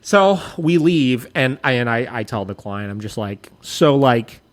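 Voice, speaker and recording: A young man casually telling a story as a dog-training podcast host, animated and swearing often. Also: measured pace. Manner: animated, swears often, mimics people in high voices.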